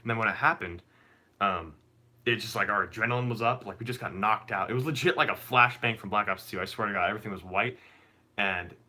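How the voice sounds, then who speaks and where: A young man casually telling a long story on a live stream, rambling and animated, full of fillers. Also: fairly low pitch, fast.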